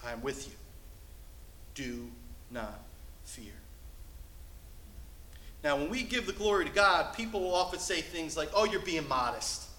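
A male pastor preaching a sermon from the pulpit, shifting between loud, emphatic lines and hushed, soft passages. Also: a little high, lively intonation, measured pace, long pauses, reverberant, slight background noise, poor audio. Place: church sanctuary.

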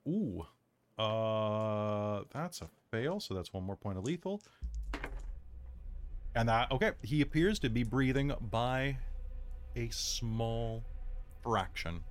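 A man running a tabletop game as storyteller, narrating with many halting fillers. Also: medium pitch, lively intonation, a little hiss or hum.

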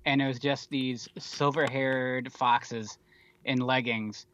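A man's voice: mid-range voice, fairly even intonation, slow pace, fairly bright tone, dry recording. Podcast cohost guy, dry wry remarks, kinda dull muffled mic. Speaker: podcast co-host. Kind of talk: casual chat.

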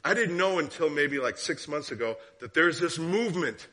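A man preaching a sermon as guest speaker, telling a story and asking the listeners questions, sometimes dropping to a hushed tone and sometimes rising. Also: fairly high pitch, animated, normal speed. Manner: drops to hushed tones for story, rises for questions.

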